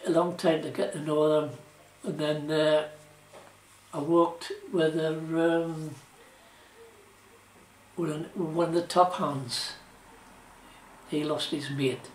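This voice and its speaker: Older geordie man, rambling oral history, fairly high voice, roomy echo, distant mic. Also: steady tone, slow, pauses often, a bit bright. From South Shields, England. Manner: rambling, colloquial, with fillers like "you know" and "like". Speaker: interviewee, former shipwright.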